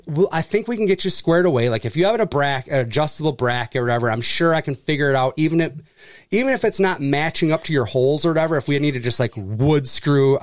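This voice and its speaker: A man telling a story in casual chat, acting out the people in it with jumps in voice and plenty of swearing. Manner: animated, acts out quoted people with pitch jumps, swears freely. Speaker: furniture delivery and service worker.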